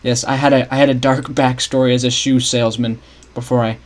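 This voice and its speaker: A man's voice: medium pitch, flat delivery, brisk. A young man casually talking through his game map scripting on a livestream, thinking aloud and chatting with viewers. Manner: thinks aloud, restarts often, chats with viewers. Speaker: streamer building a game map.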